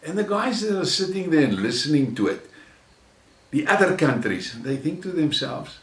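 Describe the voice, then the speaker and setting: A man with a South African accent delivering an angry, profane rant, mocking and contemptuous, swinging from shouts to low sneers. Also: very animated, moderate pace. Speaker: channel host. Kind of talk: angry ranting monologue. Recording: roomy echo, mic at a distance.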